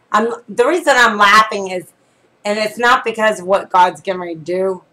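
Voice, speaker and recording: A woman's voice: medium pitch, normal speed, pushed and bright, low-quality recording. A woman prophetess preaching on a live stream, reading scripture earnestly and then talking in a chatty, conversational way with asides and prayers. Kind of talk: casual devotional talk with reading and prayer.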